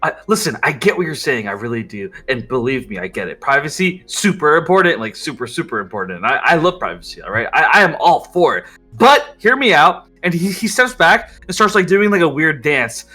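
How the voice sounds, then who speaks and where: A man narrating as game master of a tabletop game, animated, often stumbling and restarting his sentences. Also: fairly high pitch, brisk, husky, soft background music.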